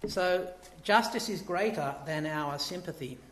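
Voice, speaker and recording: Animated preacher man in an echoey church. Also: sits high, unhurried, slight background noise. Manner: animated, rising to emphatic peaks. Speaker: pastor. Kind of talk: sermon.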